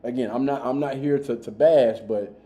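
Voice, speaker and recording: A man's voice: medium pitch, moderate pace, dark tone. A man hosting a reaction podcast in a casual, slangy way, often repeating his words. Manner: laid-back, slangy, repeats himself. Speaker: podcast host reacting to videos. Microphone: streaming mic. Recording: echoey room.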